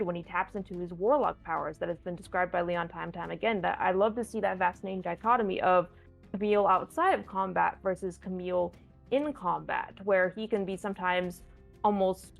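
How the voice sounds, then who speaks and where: A woman hosts a relaxed viewer Q&A on a tabletop game stream, talking in a playful, rambling way and often restarting her sentences. Her voice has a gravelly, fry-laden edge, and faint music plays softly underneath. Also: medium pitch. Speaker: stand-in host answering viewer questions. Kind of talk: casual live-stream chat.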